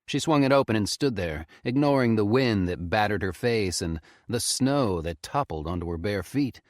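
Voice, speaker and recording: A man reading a horror story aloud with expressive, tense storytelling. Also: fairly low pitch, normal speed, dry recording, studio quality. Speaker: audiobook narrator. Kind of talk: scripted horror narration.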